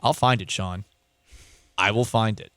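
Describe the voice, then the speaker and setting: A man's voice: fairly low pitch, measured pace, a bit bright, dry recording. A man hosting a sports talk show in a casual, joking, riffing way.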